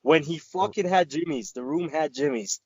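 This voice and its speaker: A man's voice: a little high, moderate pace, a little mellow, breathy edge, dull audio. Profane man rambling through a story. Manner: rambling, profane, quotes friends in dialogue. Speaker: podcast co-host. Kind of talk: casual storytelling chat.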